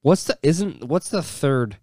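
A man's voice: fairly high pitch, animated, a little mellow, no echo, clean studio sound. A young man co-hosting a podcast, chatty and eager in casual talk. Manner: chatty, eager, quick to agree. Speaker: podcast co-host. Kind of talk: casual chat.

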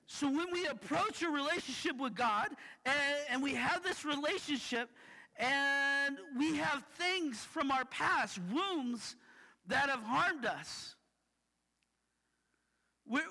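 Bright-voiced pastor in a reverberant hall. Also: male voice, extremely high pitch, expressive, takes it slowly, vocal fry. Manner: casual, tags lines with "right?". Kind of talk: sermon with personal stories.

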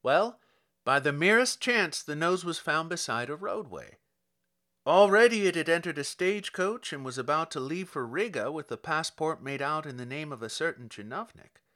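A man's voice: a little high, lively intonation, moderate pace, bright, forceful tone. A man voicing a courteous, long-winded police officer who explains at length. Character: polite, rambling middle-aged male police officer.

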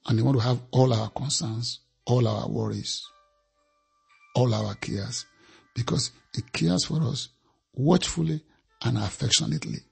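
Male preacher, emphatic and repetitive delivery, raspy tone, mid pitch. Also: measured pace, faint music behind. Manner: emphatic, repeats phrases for effect. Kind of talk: sermon.

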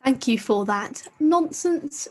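A woman co-host with a high voice speaks in a dry, teasing way. She sounds casual as she moves the conversation along. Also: lively intonation, takes it slowly, a little mellow, slight background noise. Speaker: podcast co-host. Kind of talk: casual podcast chat.

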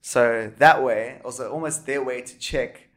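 A man's voice: mid-range voice, unhurried, fairly bright tone. A man hosting a podcast, telling stories in easygoing casual chat. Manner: storytelling, easygoing, asks questions. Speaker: podcast host.

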